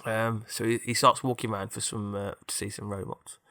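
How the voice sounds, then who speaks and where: A man's voice: lowish voice, little pitch movement, a little fast, bright, forceful tone, no room sound, clean studio sound. A man co-hosting a podcast, rambling through an improvised story in a chatty, meandering way. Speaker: podcast co-host.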